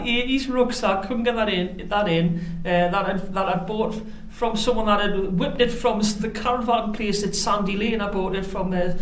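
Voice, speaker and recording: A woman's voice: medium pitch, echoey room, poor audio. A middle-aged woman with a Geordie accent, chatting to camera in a rambling, self-mocking way while wild camping. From North East England. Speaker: outdoor vlogger. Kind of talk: casual chat to camera. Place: outdoors and in a concrete bunker on a windy hill.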